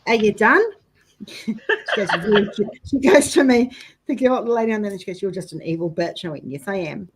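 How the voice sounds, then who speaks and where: A woman's voice: medium pitch, fast talker, a crowd in the background, poor audio. Chatty New woman telling stories. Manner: chatty storyteller, laughs often. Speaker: host. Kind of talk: casual chat while doing craft work.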